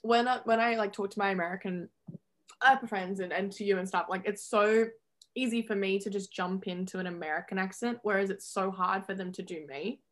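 A teenage Australian girl chatting casually and telling stories in a lively way. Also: mid-range voice. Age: teens. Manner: chatty storyteller, quick to laugh. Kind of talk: casual chat.

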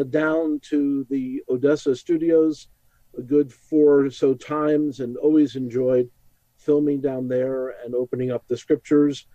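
A man from Brooklyn with a New York accent, a rabbi speaking as a guest in an interview and calmly teaching from scripture. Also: mid-range voice, dry recording, muffled recording. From Brooklyn, New York, USA. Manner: measured, reflective, quotes scripture. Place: home studio, New York metro area.

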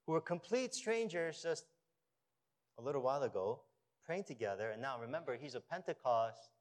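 A man preaching a sermon as pastor of his church, animated, rising to emphatic peaks and dropping to a low storytelling voice.

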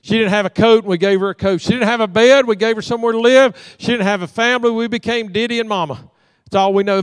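A middle-aged pastor gives a storytelling sermon in a church sanctuary, spinning homey tales like a folksy storyteller and slipping into the voices of his characters. His voice is high and smooth. The mic is close and dry, yet a long reverb from the hall trails each phrase.

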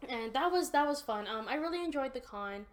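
A young woman hosting a podcast, casually telling an animated story and swearing often. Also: sits high, fairly quick. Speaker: podcast host. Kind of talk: casual chat.

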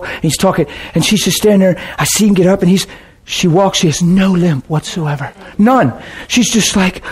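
Animated storytelling preacher, a man. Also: sits high, slightly rough. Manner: animated, emotional storytelling with laughter. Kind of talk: anecdotal storytelling sermon.

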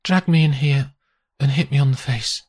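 A woman's voice: rumbling low, normal speed, darkish tone, husky, voice pushed up. A man reading an audiobook, voicing an injured, wary young businesswoman who speaks faintly and guardedly.

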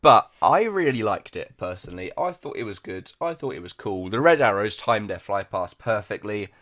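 A man's voice: on the low side, lively intonation, normal speed, fairly bright tone. A man co-hosting a podcast, chatting casually and animatedly, often laughing. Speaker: podcast co-host. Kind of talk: casual chat.

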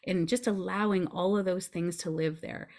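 A woman with a notably low voice speaks as a podcast guest, explaining things in an earnest, reassuring way. She often checks in with her listener as she goes. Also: fairly even intonation, normal speed, a little mellow. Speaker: podcast guest, grief coach. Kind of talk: conversational explaining.

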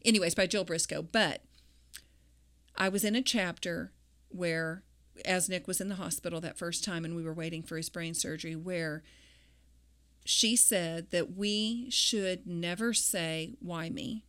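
A mother talking about faith and grief in an interview, speaking reflectively and haltingly with many fillers. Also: lowish voice, fairly even intonation, a bit bright. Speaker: guest; grieving mother.

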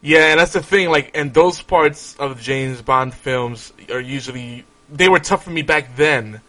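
Young man, bright tense tone, easygoing podcast co-host. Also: medium pitch, unhurried. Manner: laughs easily, loose and chatty. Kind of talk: casual chat.

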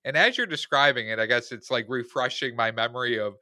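Male podcast co-host, bright tone, easygoing and halting, dry close mic. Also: mid-range voice, no room sound. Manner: relaxed, hesitant, full of fillers. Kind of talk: casual movie review chat.

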